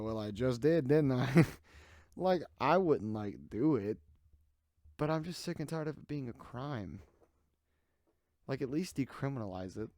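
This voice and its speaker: A young man hosts a solo podcast in a small room, rambling sarcastically and jumping between tangents. His voice is dark and mellow and sits in the middle of the male range. The sound is dry and close, with no room echo. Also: medium pitch. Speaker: podcast host. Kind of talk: casual solo podcast rant. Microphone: desk microphone.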